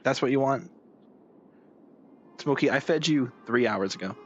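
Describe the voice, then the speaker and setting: A man's voice: mid-range voice, a little slow, lo-fi sound, a little hiss or hum. Playful, chatty young male streamer. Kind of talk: casual live-stream chat. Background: game music.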